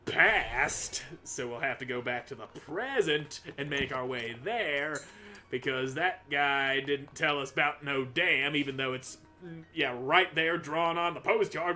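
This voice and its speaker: A man hosts a casual let's play, reading the game aloud and joking at his own slips. His voice is bright and a little high, and he swears casually. Faint game music runs behind him. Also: a little slow. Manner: goofy, self-mocking, swears casually.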